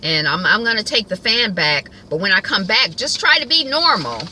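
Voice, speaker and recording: A fussy young husband, put on by a woman recapping speaks up firm and exasperated, louder than her usual talk and bright in tone. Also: medium pitch, sing-song, normal speed, slight background noise.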